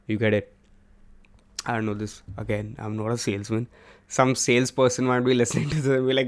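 A man's voice: medium pitch, flat delivery, brisk. A young man with an Indian English accent hosting a solo podcast at home, talking in a candid, profane, rambling way. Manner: candid and profane, switches between English and Hindi. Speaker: podcast host. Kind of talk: casual solo podcast monologue. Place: room at home.

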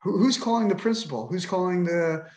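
A man's voice: high-pitched, animated, a little fast, darkish tone, roomy sound. A middle-aged man telling his own story on a podcast, emotional, frustrated and indignant, with frequent swearing. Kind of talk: emotional personal account.

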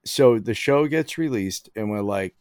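A man's voice: fairly low pitch, expressive, measured pace, a little mellow, clean tone, dry recording, studio quality. A middle-aged man telling stories in a casual chat, with lots of fillers like "you know". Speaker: guest. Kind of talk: casual storytelling.

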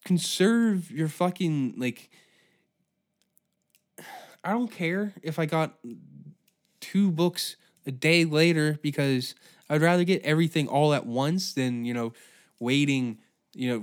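A man's voice: a little high, unhurried, long pauses. A young man hosting a comedy podcast, ranting in an exasperated, profane way. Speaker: podcast host. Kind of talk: comedic solo rant.

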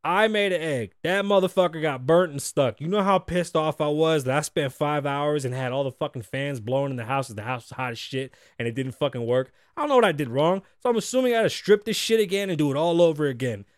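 A man hosting a podcast, talking casually and animatedly, swearing a lot and acting out quotes in loud bursts from a studio. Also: a little high, animated, fast talker, few pauses, no echo. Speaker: podcast host. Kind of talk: casual profane talk-show rant.

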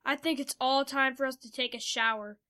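A woman's voice: sits high, fairly even intonation, a little fast, bright, forceful tone. Woman reading a practical male friend.

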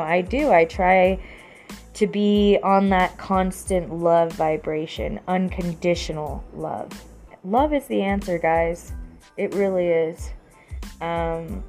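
Slow-talking earnest young woman rambling. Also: mid-range voice. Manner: earnest, rambling, many "you know" fillers. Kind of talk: casual rambling monologue.

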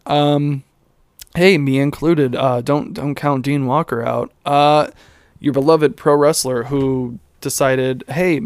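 A man's voice: fairly high pitch, a little mellow, smooth, no room sound, studio quality. A young man hosting a casual solo podcast, rambling and cursing, with lots of fillers and self-mocking asides. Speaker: podcast host.

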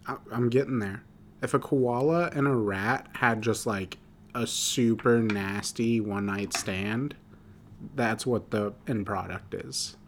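A man's voice: fairly low pitch, slow, a little hiss or hum. A young man co-hosting a casual podcast, teasing his partner and often restarting his sentences. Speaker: podcast co-host. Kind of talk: casual chat.

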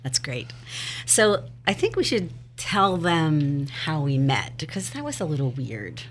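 A woman's voice: deep voice, big pitch swings, unhurried, a little hiss or hum. A woman in her fifties co-hosting a podcast with her husband, chatty and laughing often, sometimes trailing off. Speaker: podcast co-host. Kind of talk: casual chat with spouse.

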